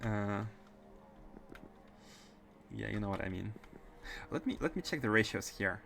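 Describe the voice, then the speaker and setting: A man's voice: lowish voice, animated, measured pace, creaky, fairly bright tone, a little hiss or hum. Hesitant man streaming a game. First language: French. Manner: hesitant, many fillers and restarts. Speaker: gaming streamer. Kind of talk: casual livestream chat while playing.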